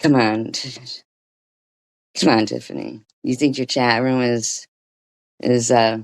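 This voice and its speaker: A woman's voice: rumbling low, fairly even intonation, slow pace. A woman hosting a livestream, ranting casually and profanely with frequent restarts. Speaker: livestream host.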